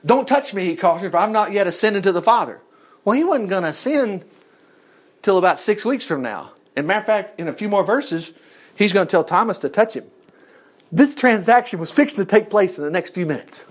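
A man with a fairly high voice preaches to his congregation, reading scripture and then breaking off into casual asides. His pitch swings widely as he moves between verse and commentary. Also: expressive, brisk.

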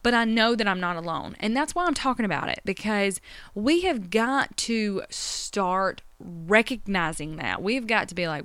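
A woman's voice: mid-range voice, lively intonation, moderate pace, a bit bright, clean tone, no room sound. A woman, talking emotionally and rambling about her day as a podcast host. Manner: emotional, rambling, addresses listeners directly. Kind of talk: personal confessional chat.

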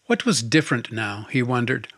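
A man narrating an audiobook in a calm, steady storytelling manner. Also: medium pitch, moderate pace, no room sound, clean studio sound.

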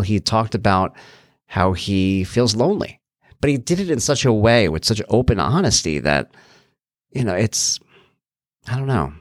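Man, middle-aged, solo podcast host, low pitch, very animated delivery, earnest and off-the-cuff, dry close sound. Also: no room sound. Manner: earnest, animated, thinking aloud with restarts. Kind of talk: casual solo podcast talk.

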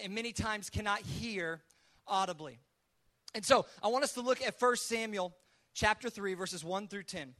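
Man, pastor, high voice, conversational sermon, chatty storytelling. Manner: casual, storytelling delivery with lively acted asides.

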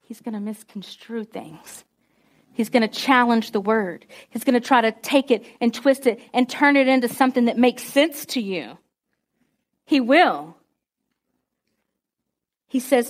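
High-voiced woman preaching to students. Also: animated, unhurried. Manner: call-and-response, conversational, emphatic. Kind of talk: sermon to students.

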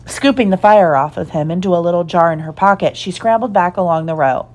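A woman reading a storybook aloud in an expressive, animated way. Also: on the low side, a little fast. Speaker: reader.

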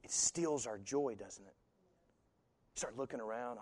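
A male pastor preaching an animated sermon that swings from soft to loud, with voices acted into the quotes. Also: mid-range voice, a little fast, slightly rough. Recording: long hall reverb.

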